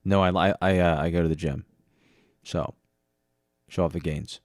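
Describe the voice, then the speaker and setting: Low-voiced male podcast host, joking and rambling, dry close sound. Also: fairly even intonation, moderate pace, a little mellow, no echo. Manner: rambling, self-mocking, joking. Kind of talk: casual podcast chat. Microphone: close studio mic with headphone monitoring.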